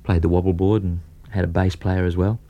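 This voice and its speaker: A man with an Australian accent telling anecdotes in an old radio interview, lively and full of mimicry. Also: low voice, brisk, dull audio. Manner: lively storyteller mimicking other voices. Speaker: interviewed recording artist.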